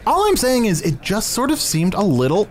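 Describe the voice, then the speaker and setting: Comedy host, playful and halting, with a lively pitch and music behind. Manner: hesitant, playful, questioning. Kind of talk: improvised comedy podcast chat.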